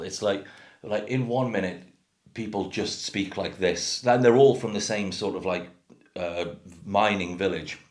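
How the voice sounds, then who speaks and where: Blunt sweary man with deep voice. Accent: generic English. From North Wales. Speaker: craft beer vlogger. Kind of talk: casual rant to camera. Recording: echoey room.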